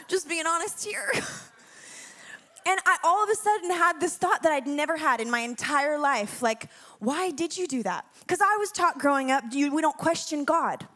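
A young woman speaks with a fairly high voice, moving between a slow, hushed prayer and a chatty, candid story to a church crowd. She laughs often and talks openly, as if confiding in friends. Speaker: worship leader speaking to a congregation. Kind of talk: spoken prayer and personal story.

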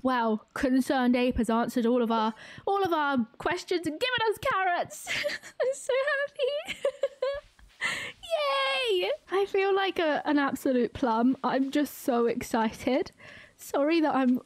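Brief: excitable woman streamer, high voice, slow chatty delivery, giggles often. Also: dry recording. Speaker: game streamer. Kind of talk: live gameplay commentary.

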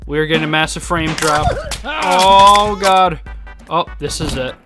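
A man commentating a game casually, excitable, swearing, laughing and yelping apologies to the characters. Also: on the high side, unhurried, over music. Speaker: gaming YouTuber. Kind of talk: casual let's play commentary.

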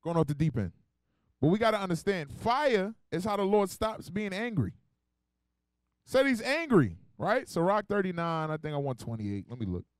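A man's voice: sits high, sing-song, normal speed, no echo. A man teaching as an officer in a sermon, emphatic and colloquial, calling out verses for a reader. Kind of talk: street-style teaching sermon.

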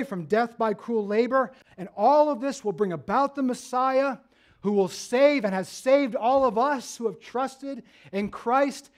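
A man preaching a sermon as pastor, earnest, dropping low and soft then rising with emphasis.

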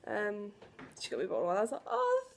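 A woman's voice: medium pitch, expressive, very fast, a little hiss or hum. A woman in her twenties vlogging at home in a chatty, emotional way, laughing and sighing between thoughts. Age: 20s. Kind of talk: casual vlog to camera. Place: at home indoors.

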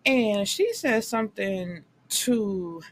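A woman talks through a book review in a loose, unscripted way, blunt and candid with plenty of swearing. She retells the plot with animated quoted lines, and her voice sits at an ordinary middle pitch. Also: slow pace, a little hiss or hum. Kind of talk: casual book review chat.

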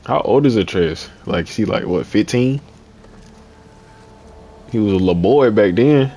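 Gaming YouTuber, young man, lowish animated voice, chatty slang, heckles the characters on screen. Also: a little slow, husky. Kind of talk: casual gameplay commentary.

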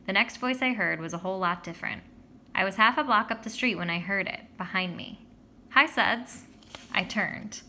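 A woman narrating a children's story in the first person with a lively, expressive reading. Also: mid-range voice, a little fast, a little hiss or hum. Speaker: audiobook reader.

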